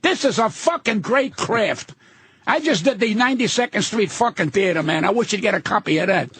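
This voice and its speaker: A man's voice: high voice, animated, fairly quick, fairly bright tone, husky. An older man and guest comedian, ranting brashly and profanely in a casual radio interview.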